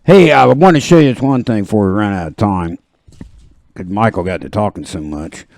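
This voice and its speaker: A man's voice: on the low side, fairly quick, gravelly, a little mellow, no echo, clean studio sound. A man hosting a casual podcast chat, jokey and rambling, laughing often. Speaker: podcast host.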